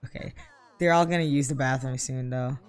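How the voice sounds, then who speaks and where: A woman's voice: a bass voice, steady tone, fairly quick. A young woman casually commenting on her life-simulation gameplay, chatty and mock-exasperated with her characters. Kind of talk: casual let's-play commentary.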